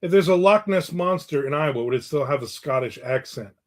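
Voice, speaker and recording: A man's voice: fairly high pitch, expressive, fairly quick. A man in his fifties who hosts a livestream, chatting casually and sarcastically while answering viewer comments, often laughing. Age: 50s. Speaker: livestream host.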